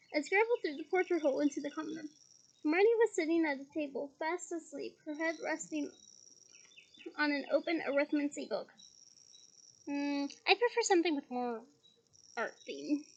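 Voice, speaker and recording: A woman's voice: sits high, a bit bright. A woman reading a novel aloud, breaking off now and then with chatty asides. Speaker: audiobook reader.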